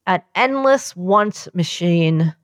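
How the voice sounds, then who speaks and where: A woman co-hosting a podcast in casual chat, rambling excitedly and swearing freely. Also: fairly low pitch, takes it slowly, no room sound, studio quality. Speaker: podcast co-host.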